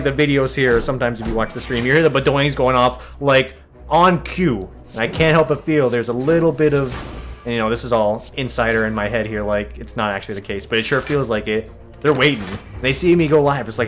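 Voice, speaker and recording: A young man giving rambling, jokey commentary while playing a game, acting out what his friends say. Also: medium pitch. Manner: chatty, animated, jokey, acts out quoted friends. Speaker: streamer and let's-play host.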